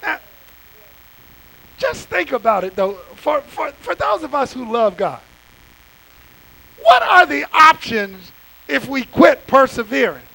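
Impassioned male pastor, very high voice with gravel in it, folksy and direct with the congregation. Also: big pitch swings, takes it slowly, pauses often, bright, forceful tone, poor audio. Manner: impassioned, conversational preaching with folksy asides. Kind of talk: sermon.

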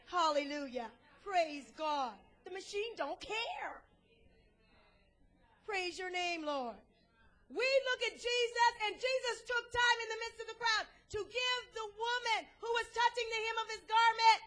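A woman pastor preaching a sermon emphatically, calling out to the congregation, with dramatic shifts in loudness. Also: very high voice, unhurried.

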